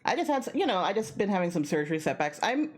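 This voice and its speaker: A tired woman streaming a video game from home, chatting casually and rambling between bursts of excited yelling. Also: mid-range voice, fast talker, slight background noise. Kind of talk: casual gaming stream chat.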